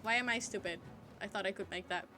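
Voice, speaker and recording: A woman playing a game on stream, talking in a giggly, lively way. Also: mid-range voice, fast talker, music in the background. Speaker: gamer on stream. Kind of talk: casual chat while gaming.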